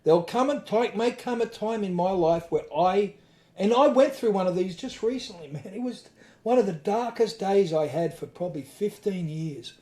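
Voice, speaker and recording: An Australian man speaks as a podcast guest, earnest and emphatic, blunt enough to swear. His voice sits a little high yet sounds warm and mellow. The room around him rings with echo. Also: normal speed. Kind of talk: candid conversation.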